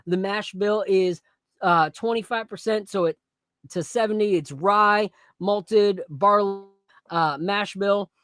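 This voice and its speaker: Podcast host, blunt slangy talk, animated, mid pitch, dry close sound. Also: slow pace, clear, resonant tone, no room sound. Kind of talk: casual sports and whiskey chat.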